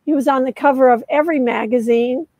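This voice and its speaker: A woman in her seventies with a high, bright voice tells a long story as a guest author. She goes into detail and often pauses on "uh". The sound is dry and close. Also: steady tone, no echo, low-quality recording. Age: 70s. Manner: detailed storyteller, many "uh" fillers. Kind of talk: storytelling in a conversation.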